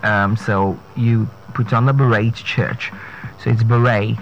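A man hosting a radio pronunciation lesson, spelling words out letter by letter and repeating each one slowly and carefully. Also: on the low side, steady tone, lo-fi sound, a little hiss or hum.

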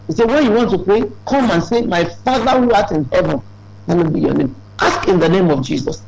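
A man preaching a sermon, emphatic and rising into high exclamations. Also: lively intonation, a little fast, creaky, darkish tone, low-quality recording.

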